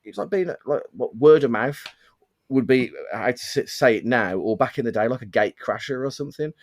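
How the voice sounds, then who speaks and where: A man's voice: medium pitch, expressive, a little fast, dry recording. A young man from the of England, chatting casually and telling rambling stories with plenty of swearing. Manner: rambling storyteller, swears freely. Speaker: podcast host. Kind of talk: casual chat.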